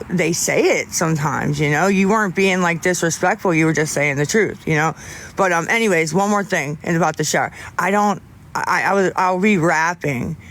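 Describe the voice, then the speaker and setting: A man's voice: on the high side, fairly bright tone. A man chatting casually with livestream viewers in a candid, rambling way, often restarting his sentences.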